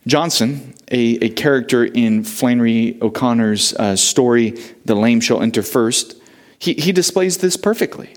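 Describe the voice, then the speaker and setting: A man's voice: mid-range voice, unhurried. A male pastor preaching a sermon, earnest, telling a story with frequent restarts.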